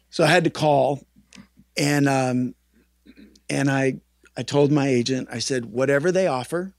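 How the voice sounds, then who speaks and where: A man speaks at a memorial in a gravelly, creaky voice, recorded dry and close. He tells earnest, halting stories and acts out the remembered dialogue. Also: mid-range voice, no echo. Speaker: eulogist at a memorial. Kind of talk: personal memorial tribute speech.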